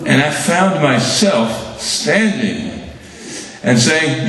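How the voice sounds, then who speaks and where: A man, giving an award speech and telling his story haltingly, with dry humor. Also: fairly high pitch, expressive, a bit bright. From Birmingham, Alabama. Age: 70s. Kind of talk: reminiscing speech to an audience. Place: large hall at an awards event. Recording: very echoey hall, mic far off.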